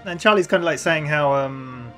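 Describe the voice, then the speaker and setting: A woman's voice: deep voice, moderate pace, fairly bright tone, faint music behind. A woman co-hosting a casual reaction chat, retelling scenes with quoted lines and laughing often. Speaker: reaction channel co-host.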